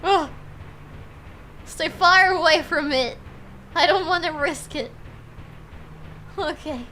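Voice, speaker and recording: A woman's voice: high voice, slow pace, pushed and bright, a little hiss or hum. A woman streamer giving casual, playful commentary while she plays a horror game and jokes with her chat. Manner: playful, jokey, talks to chat.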